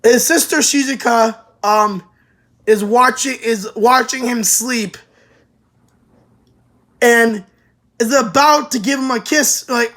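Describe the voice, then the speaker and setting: A young woman reviewing an anime in a casual, excitable rant, swearing and stammering through restarts. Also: a little high, unhurried.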